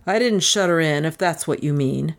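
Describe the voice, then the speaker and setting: A woman's voice: sits low, moderate pace. A woman reading aloud voices a nervous, evasive male doctor. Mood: defiant. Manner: apologetic then defiant.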